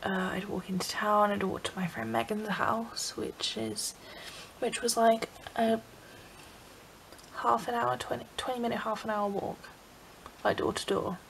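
A young adult woman from England cries through an emotional confessional vlog, speaking unhurriedly in a medium-pitched, creaky, slightly bright voice and filling her speech with "like." The low-quality recording carries a little hiss or hum.

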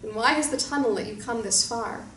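Woman doing a giant male guardian creature, deep and booming, slow and proud, roomy echo, faint hiss. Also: fairly bright tone, far from the mic, natural voice. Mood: calm proud.

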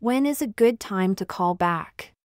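Smooth woman reading practice phrases. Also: mid-range voice, expressive, unhurried, no echo, clean studio sound. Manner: repeats each phrase twice, evenly. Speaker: English phrase speaker. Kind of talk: slow, clear phrase reading for learners.

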